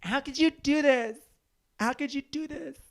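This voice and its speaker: Comedy bit: a man playing a jilted young woman, whiny and pleading, voice pitched up. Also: measured pace, gravelly, exaggerated voice.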